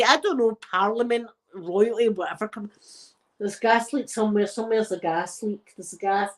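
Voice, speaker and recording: A woman's voice: medium pitch, normal speed. A middle-aged woman from Glasgow with a Glaswegian Scottish accent, chatting casually and rambling as she tells stories, often laughing. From Scotland. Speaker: channel host. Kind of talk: casual chat.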